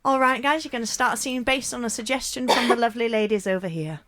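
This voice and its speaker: A woman's voice: a little high, quick pace, fairly bright tone. A young woman hosting an improv show on student radio, bubbly and laughing as she calls out prompts. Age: young adult. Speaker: improv host.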